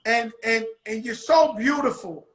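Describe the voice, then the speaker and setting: Man host, excitable and slangy, high voice, roomy echo on the mic. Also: unhurried. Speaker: interviewer host. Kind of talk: casual interview chat. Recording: echoey room.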